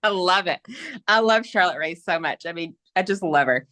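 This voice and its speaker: A woman with a low voice and a Southern US accent leads a casual podcast chat. She rambles happily through her points with plenty of fillers and gushes over what she loves. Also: animated, normal speed, bright, forceful tone. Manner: enthusiastic, gushing, rambling with fillers. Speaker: podcast host.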